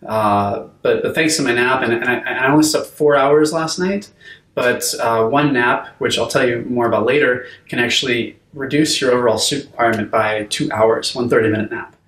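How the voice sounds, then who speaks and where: A man's voice: medium pitch, normal speed, fairly bright tone, roomy sound, distant mic. A man teaching a video course on sleep, talking conversationally with frequent fillers and restarts. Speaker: course instructor. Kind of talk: unscripted video lesson.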